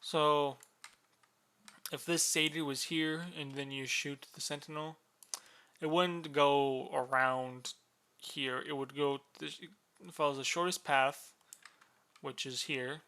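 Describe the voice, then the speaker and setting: A man casually explaining the rules of a board game unit, relaxed and drowsy, with many fillers and yawns. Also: on the high side, slow, long pauses, clear, resonant tone.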